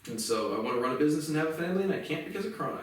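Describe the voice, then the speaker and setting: A man's voice: on the high side, expressive, very fast, slight background noise. Ranting man, echoey and distant. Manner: agitated, profane, repeats "literally". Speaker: vlogger. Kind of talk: ranting monologue to camera. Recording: echoey room, speaker far from mic.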